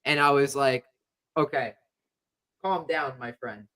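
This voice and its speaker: A man's voice: mid-range voice, slow, sharp tone. A young man hosting a podcast, telling a rambling sports story in casual chat with lots of fillers. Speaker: podcast host.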